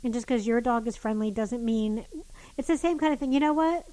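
A woman telling a story in casual chat, animated and swearing, with many restarts. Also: a little high, a little fast, rough recording.

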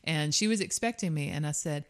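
A young adult woman with a notably low voice talks through life lessons in a relaxed podcast chat. She is candid and quick to laugh, and she swears casually. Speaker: podcast co-host.

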